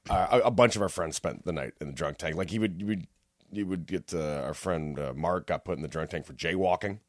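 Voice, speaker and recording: A man with a fairly low voice tells a long, rambling story in casual conversation. He swears freely and acts out what people said as he goes. The sound is dry and close, with no room echo. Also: brisk. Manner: rambling, profane, acts out quotes. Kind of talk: casual chat, telling a story.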